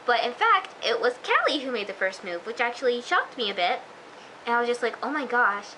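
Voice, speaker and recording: A woman's voice: on the high side, very animated, fairly quick, pushed and bright, a little hiss or hum, low-quality recording. A woman recapping a TV episode in a chatty, gushing vlog style, full of fillers. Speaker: TV episode reviewer.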